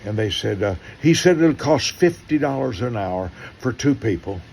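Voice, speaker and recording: A man's voice: medium pitch, animated, normal speed, gravelly, darkish tone, slight background noise. An older man, a pastor, telling stories in sermon style and acting out the dialogue with animation.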